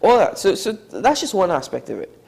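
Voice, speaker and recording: Trinidadian male co-host, casual studio banter, wry and lively. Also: normal speed, gravelly, breathy edge. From Trinidad and Tobago. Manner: animated, wry, pitch jumping for emphasis. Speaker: talk show co-host.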